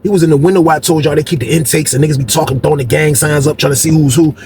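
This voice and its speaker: A man telling a story from prison life in a casual, animated way, acting out what people said with sudden jumps in voice. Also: very fast, slight background noise. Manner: animated, acts out quotes with big pitch jumps.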